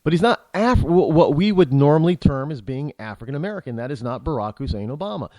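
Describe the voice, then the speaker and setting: Guy talking high with a lot of swing in his voice, rambly and worked up, keeps restarting, dry close sound. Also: expressive, fast, darkish tone, dry recording. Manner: rambling and indignant, with frequent restarts and repeated words. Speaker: talk show host. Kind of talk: political commentary monologue.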